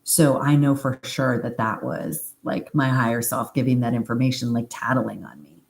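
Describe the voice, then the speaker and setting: A woman with a low voice tells a story on a live stream. She chats informally, with fillers and side remarks, and reads out comments from viewers between her stories. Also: normal speed, creaky, a little hiss or hum. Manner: animated retelling, acts out quoted speech in a higher voice; chatty and informal, with fillers and asides. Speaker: hypnosis practitioner.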